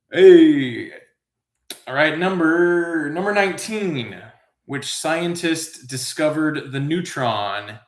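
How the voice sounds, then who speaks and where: Male trivia host, mid pitch, jokey and rambling, echoey room sound. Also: a bit bright. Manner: goofy, self-amused, riffs on tangents. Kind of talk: rambling live trivia commentary.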